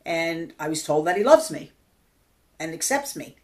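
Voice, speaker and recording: An older woman minister giving a personal testimony sermon in an earnest, conversational way that drops into quiet, intimate tones. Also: sits low, sing-song, normal speed.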